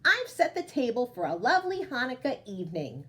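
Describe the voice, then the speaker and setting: A woman's voice: on the high side, big pitch swings, fairly quick, a bit bright. A woman doing a chatty 97-year-old granny. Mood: cheerful hostess. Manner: fussing, hospitable, chatty. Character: kindly 97-year-old grandmother, nearsighted, hard of hearing. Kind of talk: storybook read-aloud.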